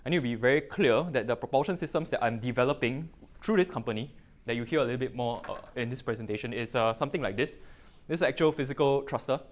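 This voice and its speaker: A middle-aged man with a Singaporean English accent presents a technical talk to a room. He speaks loosely, with frequent fillers and local particles, in a mid-range pitch. His delivery sounds like a relaxed guest lecture. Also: quick pace.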